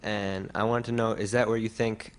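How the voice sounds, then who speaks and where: Low, flat-voiced man asking a question. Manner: hesitant, halting question with fillers. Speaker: audience member asking a question.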